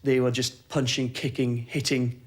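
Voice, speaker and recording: A man's voice: mid-range voice, level tone, normal speed, husky. A man, a former military airman, recounting events in a documentary interview in a matter-of-fact way.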